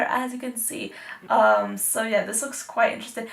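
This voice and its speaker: Chatty teen beauty vlogger, gravelly edge. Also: female voice, fairly high pitch, steady tone, moderate pace, reverberant. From North Texas. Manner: chatty and upbeat, with frequent fillers. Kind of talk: casual anti-haul chat.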